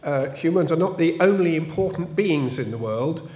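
A man's voice: on the high side, lively intonation, normal speed, a little mellow. An older man, a professor speaking on a panel, answering thoughtfully and repeating words as he builds a point. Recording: echoey hall.

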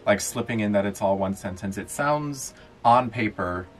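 Deep-voiced enthusiastic male co-host. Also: moderate pace, faint music behind. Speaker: podcast co-host, bookseller. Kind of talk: casual chat.

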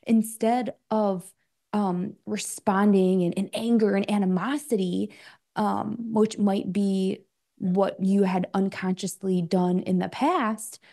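A woman coach talks loosely as an interview guest, her voice mellow and warm in tone. She speaks at an ordinary pitch for a woman, filling her speech with likes and ums. Now and then she acts out her own thoughts as little quoted asides. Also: fairly even intonation, slow pace, creaky. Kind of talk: casual interview talk.

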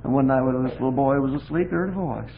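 A man's voice: mid-range voice, fast, gravelly. A man preaching a folksy sermon, telling homespun stories with repetitive emphasis, on a phone-like lo-fi recording with faint hiss.

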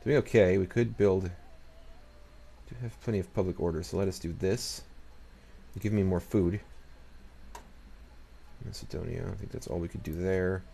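A man's voice: sits low, fairly even intonation, measured pace, creaky, long pauses, mellow, slight background noise. A man giving casual let's-play commentary as he plays, muttering to himself, talking back to the game's nations and swearing now and then. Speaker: gaming channel host.

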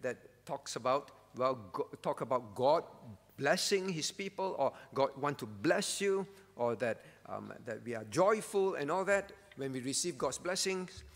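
Preacher in a reverberant church hall. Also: male voice, medium pitch, expressive, measured pace. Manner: earnest teaching, with frequent "all right?" check-ins and questions to the congregation. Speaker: pastor. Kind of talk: sermon at a prayer meeting.

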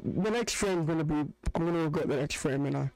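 A man's voice: a little high, quick pace, a little mellow, a little hiss or hum, rough recording. A young man hosting a reaction video, joking and ranting in casual, rambling commentary. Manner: joking, rants with restarts.

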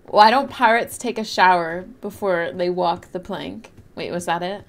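In her bedroom at home, a woman streams a game and chats casually with her viewers, repeatedly breaking into helpless giggles. Her voice is on the low side, and she speaks unhurriedly.

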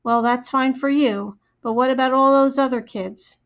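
Angry mom figure, woman reading it, low firm voice, short clipped orders, a bit high pitched, muffled audio. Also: steady tone. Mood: stern. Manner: curt, measured commands. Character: stern middle-aged mother, angry and clipped. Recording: slightly muffled recording.

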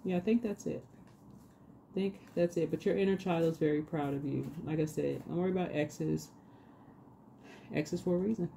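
A woman with a low, gravelly voice leads a relaxed tarot reading, repeating her affirmations slowly and soothingly. The home recording carries clear background noise and clicks. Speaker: tarot reader.

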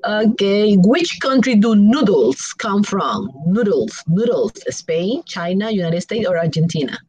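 A woman's voice: mid-range voice, slight background noise, poor audio. A woman teaching an English class online, quizzing students with spoken multiple-choice questions. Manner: slow, clear, lively questions with options.

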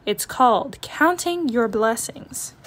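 A mother bear from a storybook, patient but firm, gently setting her cubs straight, as a woman reads her part. Her voice sits a little high and clear. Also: lively intonation, slow pace, a little hiss or hum.

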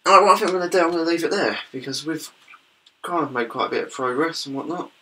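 A young British man gives rambling, self-deprecating commentary over a video game, with a bright, forceful tone. He sounds a little distant from the mic, with a faint hiss of noise in the background. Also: on the high side, fast talker. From Britain. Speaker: gaming YouTuber. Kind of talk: casual gameplay commentary.

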